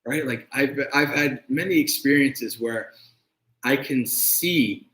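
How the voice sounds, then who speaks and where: A monk giving a conversational dharma talk and answering questions, often checking in with "right?". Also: male voice, mid-range voice, takes it slowly, a bit bright. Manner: conversational, keeps asking "right?". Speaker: monk teacher. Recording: echoey room.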